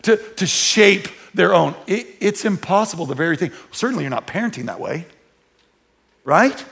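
A male pastor preaches in a church, his voice slightly high and gravelly. He talks to the congregation like friends, repeating phrases for emphasis. He swings between quiet, intimate asides and loud, driving peaks. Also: expressive, moderate pace. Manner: conversational, repeats and restarts for emphasis. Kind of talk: sermon. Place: church sanctuary.

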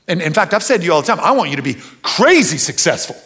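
A man preaching a sermon as pastor, animated and earnest, swinging from loud excitement to quiet intensity. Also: high-pitched, very fast, few pauses.

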